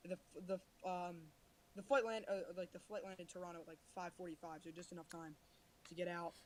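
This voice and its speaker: A man's voice: sits high, flat delivery, fairly quick, a little hiss or hum, poor audio. A man co-hosting a casual podcast, rambling loosely and breaking into heated, swearing rants. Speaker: podcast co-host. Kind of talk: casual chat.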